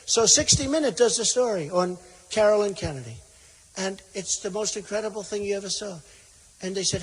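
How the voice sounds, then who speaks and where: Man, high-pitched, rally speaker, rambling and repetitive storyteller, reverberant hall. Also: a little fast, breathy edge. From United States. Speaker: political candidate at a rally. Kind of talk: rally speech. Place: large indoor rally venue. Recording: long hall reverb, faint noise.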